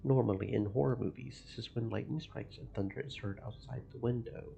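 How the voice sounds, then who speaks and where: A man streaming a game, reading its narration and chatting about it in an even, gravelly voice. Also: mid-range voice, a little fast, a little hiss or hum. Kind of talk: narrating a visual novel with commentary. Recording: muffled lo-fi stream audio.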